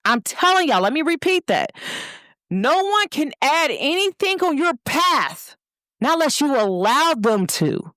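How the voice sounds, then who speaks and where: A woman from Cincinnati hosting her own show, talking casually and warmly to viewers, repeating points and calling them "y'all". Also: high voice, unhurried, no echo, clean studio sound. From Cincinnati, Ohio. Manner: lively, repetitive, speaks directly to listeners with "y'all". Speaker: host. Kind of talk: casual motivational talk to viewers.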